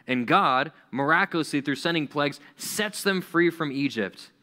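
A young adult man delivers a youth sermon in a bright, ringing voice that sits a little high. He is animated and acts out the voices he quotes. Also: moderate pace. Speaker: youth pastor.

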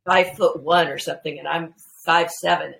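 A woman guest telling family anecdotes in a casual, animated way, full of restarts and fillers. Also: deep voice, moderate pace, vocal fry, slight background noise, low-quality recording. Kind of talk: casual storytelling chat.

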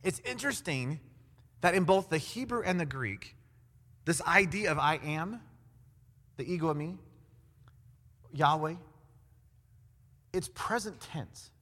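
A man preaching a sermon in an animated way, acting out quoted voices with big swings in loudness. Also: fairly high pitch, a little slow, long pauses. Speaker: pastor. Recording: long hall reverb.

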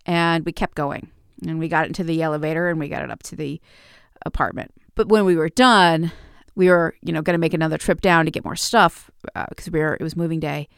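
A woman with a fairly low, smooth, resonant voice recounts her own mishaps in a calm, wry way. The sound is dry and close, with no room around it. She drops in small self-deprecating laughs. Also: a little fast, no echo. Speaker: podcast host. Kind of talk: casual personal storytelling.

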